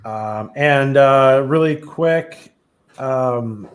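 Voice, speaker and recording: A man's voice: medium pitch, slow pace. A male host of a casual live stream, reading viewers' questions aloud in an upbeat way.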